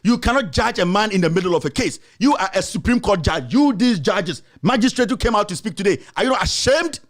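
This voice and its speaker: A host with a Ghanaian English accent speaks in a high, animated voice at a slightly fast pace. His political commentary is impassioned and confrontational, packed with rhetorical questions.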